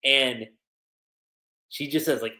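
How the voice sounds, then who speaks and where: A man casually reviewing a manga chapter on a livestream, retelling the scenes with slangy, animated commentary and quoted lines. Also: medium pitch, slow. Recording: roomy echo.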